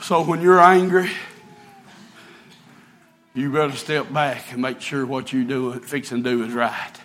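A man's voice: medium pitch, fairly even intonation, measured pace, a bit bright. A man preaching an impassioned sermon and reading scripture aloud.

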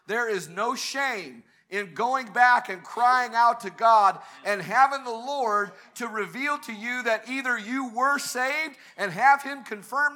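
A man's voice: high voice, bright, forceful tone. A man preaching a sermon at a church service, fervent and building to emphatic peaks.

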